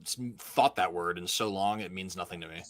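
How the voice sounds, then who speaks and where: A man co-hosting a casual comic livestream, joking and excitable, swearing freely. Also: low voice, a little fast, slight background noise. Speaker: comic podcast co-host.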